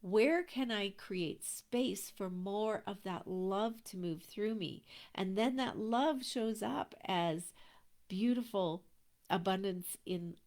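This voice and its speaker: Slow, earnest woman coach. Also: medium pitch. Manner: earnest, reflective, slow with soft whispered asides. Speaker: abundance coach. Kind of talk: motivational talk to an online audience.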